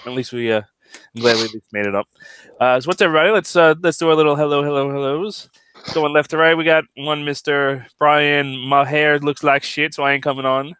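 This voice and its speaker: A man's voice: a little high, fairly even intonation, a little fast, pushed and bright, clear, resonant tone, dry recording. A man hosting a casual podcast, congested and phlegmy from a cold, chatting loosely with fillers and restarts. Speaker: podcast host. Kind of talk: casual chat.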